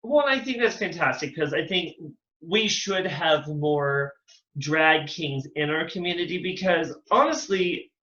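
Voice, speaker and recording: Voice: medium pitch, lively intonation, a little slow, bright, forceful tone. A drag queen hosting a casual interview, enthusiastic and full of compliments. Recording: echoey, muffled lo-fi audio.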